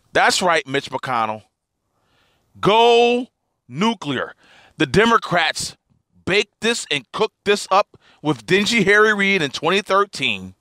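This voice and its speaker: A man's voice: fairly high pitch, pushed and bright, no echo, studio quality. A man hosting a political commentary podcast, talking emphatically and stressing the same words again and again. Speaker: podcast host.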